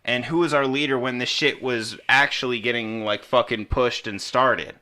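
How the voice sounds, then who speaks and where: A man's voice: mid-range voice, steady tone, normal speed, pushed and bright. A young man co-hosting a podcast, rambling in casual chat, cursing freely and leaning on fillers. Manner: rambling, profane, full of fillers. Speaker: podcast co-host.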